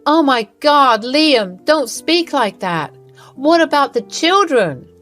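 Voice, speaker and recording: A playful young wife, as a woman reads her part, teasing one moment and pleading in a high, strained voice the next. She sounds like a character in a narrated drama story, with faint music underneath. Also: big pitch swings, measured pace, a bit bright. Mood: mock pleading.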